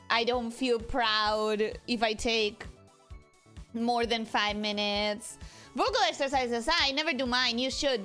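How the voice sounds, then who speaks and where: A young woman streaming as a VTuber, chatting casually and greeting each viewer with a repeated welcome, her throat feeling full after a rushed meal. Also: fairly high pitch, pushed and bright. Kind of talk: casual livestream chat. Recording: faint music behind the voice.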